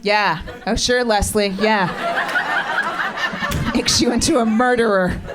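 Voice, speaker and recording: Recorded live at a club, a middle-aged woman performs stand-up and crowd work, her humor dry, profane, and teasing. Her mid-range voice keeps fairly even intonation at a moderate pace, with loud music behind it and the audience laughing.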